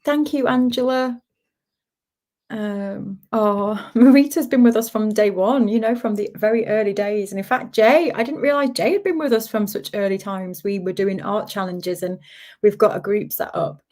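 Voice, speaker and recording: A woman's voice: medium pitch, moderate pace, a little mellow. A woman hosting a casual livestream, reading out viewer comments, laughing often and greeting people by name. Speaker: livestream host, art community founder.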